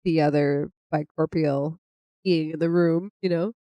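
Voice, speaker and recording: A woman co-hosting a podcast, retelling a comic in casual chat, animated and laughing often as she acts out the characters' lines. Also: sits low, normal speed, no echo. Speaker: podcast co-host.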